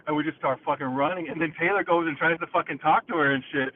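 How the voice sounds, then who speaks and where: A man's voice: fairly high pitch, fast talker, a little hiss or hum. Profane male caller on a tinny phone line. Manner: profane, excitable, acts out quotes. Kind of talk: casual storytelling over a phone call. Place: in a car, driving.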